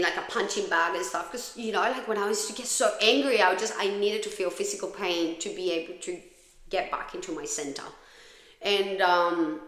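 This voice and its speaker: A woman's voice: lowish voice, fairly bright tone, roomy sound. A woman hosting a podcast, telling her own story in a raw, profane, confessional way. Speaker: podcast host. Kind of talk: candid personal storytelling.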